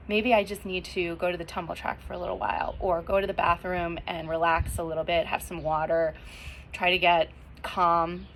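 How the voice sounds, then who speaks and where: A woman's voice: on the low side, fairly even intonation, moderate pace. Middle-aged woman, encouraging coach delivering tips from home, upbeat; faint noise under the voice. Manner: upbeat, encouraging, acts out quoted self-talk. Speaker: cheer mental-skills speaker. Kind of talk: scripted tips talk.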